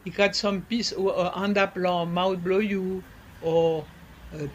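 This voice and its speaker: High-voiced man. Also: flat delivery, a little slow, highs cut off, slight background noise. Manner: mixes in French words; searching for words, many fillers. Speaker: interviewee. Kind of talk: casual conversation.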